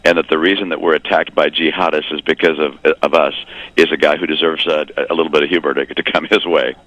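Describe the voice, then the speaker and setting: A man appears as a political guest on a casual radio interview. He speaks in a low voice at a quick clip, breezy and often chuckling. His voice sounds dry and close. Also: level tone, fairly bright tone, dry recording, dull audio.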